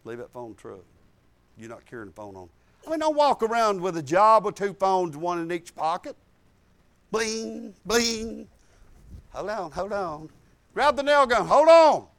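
A middle-aged man with a drawl preaches a sermon in a homespun, storytelling way. His voice sits high, and he jumps from loud outbursts to near-murmured asides. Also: big pitch swings, a little slow. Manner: folksy storytelling, swings from loud to hushed.

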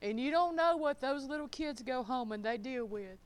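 A middle-aged woman preaching a sermon in a folksy, emphatic way, swinging from loud declarations to quiet, chuckling asides. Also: high-pitched, lively intonation, moderate pace, clear, resonant tone.

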